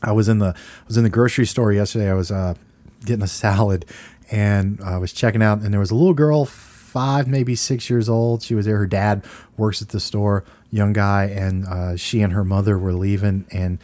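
A man's voice: fairly low pitch, steady tone, moderate pace, mellow, no echo. A middle-aged man co-hosting a movie podcast, rambling and joking as he tells stories. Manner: rambling, joking, laid-back storyteller. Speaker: podcast co-host. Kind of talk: casual movie podcast chat.

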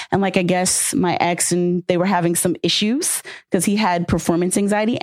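A woman on a podcast, candidly telling a personal story in casual chat, animated and full of fillers. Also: mid-range voice, dry recording. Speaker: podcast guest.

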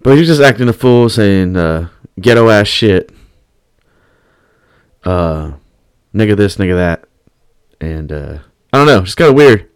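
A man's voice: on the low side, animated, a little slow, pauses often, clean tone, dry recording. A man hosting a podcast, telling a story in profane, rambling casual chat. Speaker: podcast host.

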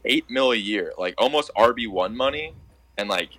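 A man's voice: mid-range voice, expressive, moderate pace, sharp tone. Emphatic man in sports banter. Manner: emphatic, profane, argues his point. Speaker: podcast co-host.

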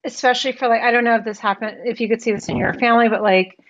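A woman, a therapist and artist, talking as a podcast guest in a reflective, halting way, thinking aloud with many pauses. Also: fairly high pitch, fairly even intonation, dull audio. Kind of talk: casual conversational interview.

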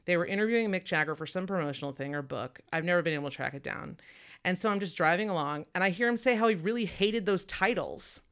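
A woman's voice: on the low side, fast, a bit bright. Enthusiastic woman host chatting. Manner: enthusiastic, laughs and quotes others. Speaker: podcast host. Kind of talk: casual chat.

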